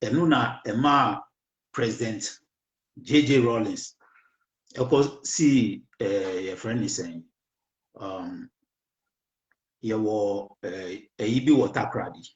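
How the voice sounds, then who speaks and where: Slow hoarse Ghanaian man. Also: lowish voice, roomy sound, muffled recording. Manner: slow, halting, mixes English into Twi. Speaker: radio show host. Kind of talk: casual political talk.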